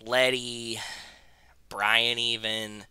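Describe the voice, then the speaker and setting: A man's voice: mid-range voice, little pitch movement, very slow, sharp tone, smooth, no echo. A man co-hosting a podcast, chatting loosely and jokingly with lots of filler. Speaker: podcast co-host. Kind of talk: casual chat.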